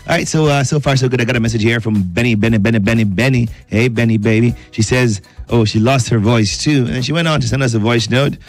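A man's voice: medium pitch, fast talker, few pauses, soft background music. Playful Nigerian radio host man. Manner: playful, joking, reads listener messages aloud. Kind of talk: lively radio chat. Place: radio studio.

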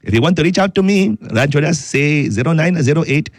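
A man's voice: fairly high pitch, expressive, brisk, no echo. A man doing a self-important caller. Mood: triumphant. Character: grandiose male caller who seizes the show.

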